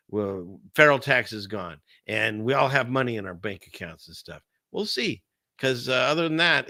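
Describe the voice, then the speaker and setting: A man's voice: mid-range voice, sharp tone, no room sound, clean studio sound. A man hosting a casual livestream of political commentary, rambling and sarcastic, often laughing between remarks. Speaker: host of a political commentary stream.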